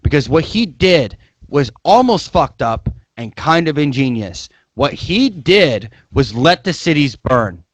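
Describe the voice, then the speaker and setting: Loud, argumentative man on a podcast. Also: on the high side, big pitch swings, a little slow, no echo. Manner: loud, argumentative, profane, talks over others. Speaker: podcast co-host. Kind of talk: casual comedic podcast banter.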